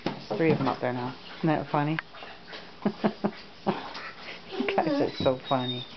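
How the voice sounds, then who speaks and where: A woman's voice: sits low, very animated, measured pace. Woman coaxing dogs in a sing-song voice. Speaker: dog foster caretaker. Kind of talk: casual home video narration. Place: home, in and out of doors. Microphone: handheld camera. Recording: dull lo-fi camera audio with loud noise.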